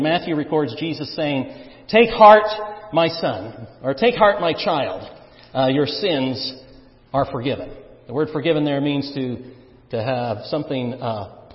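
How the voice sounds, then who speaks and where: A man preaching a sermon, swinging between loud stressed phrases and quiet low asides. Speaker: pastor. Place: church sanctuary. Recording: echoey church hall, dull sound.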